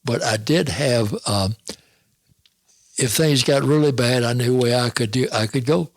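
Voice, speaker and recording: Gravelly-voiced man in his nineties. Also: mid-range voice, a little slow, no room sound, clean studio sound. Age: 90s. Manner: plainspoken, easygoing, chuckles often. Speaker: interviewee, host's father. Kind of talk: casual conversation.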